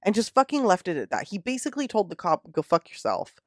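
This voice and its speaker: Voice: medium pitch, quick pace, no echo. Dry-sounding, indignant true crime podcaster. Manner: indignant, profane, animated retelling. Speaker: podcast host. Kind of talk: casual true crime storytelling.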